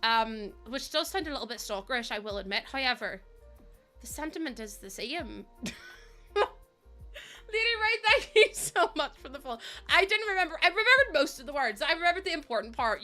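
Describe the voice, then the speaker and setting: A woman's voice: sits high, sing-song, brisk, sharp tone, faint music behind. A young woman chatting casually to her live-stream viewers, giggly and friendly, calling them bestie. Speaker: game streamer.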